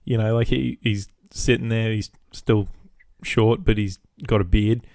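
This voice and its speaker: A man's voice: fairly low pitch, fairly even intonation, a little slow, darkish tone, dry recording, clean studio sound. A young Australian man hosting a solo podcast, rambling casually and swearing freely. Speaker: podcast host.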